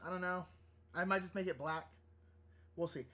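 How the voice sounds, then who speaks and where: A man hosting a live drawing stream, chatting casually and rambling, easily excited and flustered. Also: sits high, moderate pace. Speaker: livestream artist host. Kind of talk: casual livestream chat while drawing.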